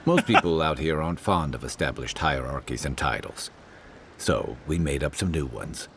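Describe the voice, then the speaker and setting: A wry, deep-voiced rogue companion. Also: male voice, lively intonation, moderate pace, background noise. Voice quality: very deep, slightly filtered. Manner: dry joking banter. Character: roguish male soldier-sailor companion, wry.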